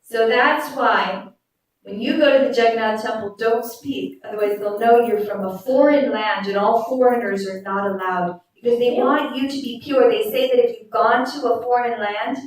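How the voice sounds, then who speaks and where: A young woman teaching a children's religious class in a temple hall, slow and patient, quizzing the kids as she goes. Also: a little high. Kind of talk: religious lesson with chanted verses. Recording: very echoey hall, mic far off.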